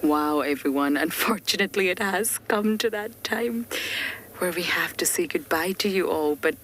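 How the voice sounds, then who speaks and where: A woman safari guide giving live game drive commentary, often dropping to a hushed whisper and laughing often. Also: on the low side, moderate pace. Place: outdoors in the bush, in a vehicle. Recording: outdoor bush noise behind.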